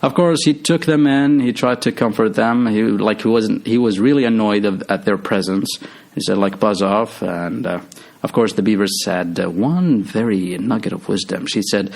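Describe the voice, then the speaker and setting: A man's voice: on the low side, moderate pace, gravelly, darkish tone. A man casually retelling a movie's story, rambling with lots of fillers and restarts. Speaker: movie recap host.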